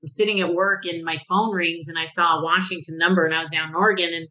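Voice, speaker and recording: On a rough recording, a middle-aged woman guesting on a podcast speaks fast in a fairly low, steady, sharp voice. She shares her recovery story openly and from the heart, mimicking the voices of people she quotes.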